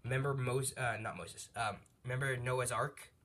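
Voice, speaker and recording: A man's voice: medium pitch, steady tone, normal speed, a bit bright, close to an everyday voice. A man voicing a stern older brother angel who lectures firmly, in a casually retold fan story. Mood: explaining. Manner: firm, lecturing.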